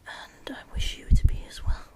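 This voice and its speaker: A woman, whispering a discussion vlog close to the microphone at home late at night, rambling with frequent restarts. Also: moderate pace. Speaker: YouTuber.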